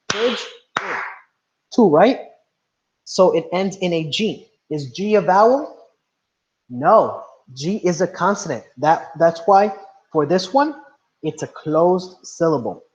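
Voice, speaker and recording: A man's voice: a little high, a little mellow. Patient male teacher, dull lo-fi sound. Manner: patient, questioning, mixes in Spanish. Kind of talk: online class lesson. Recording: dull lo-fi audio.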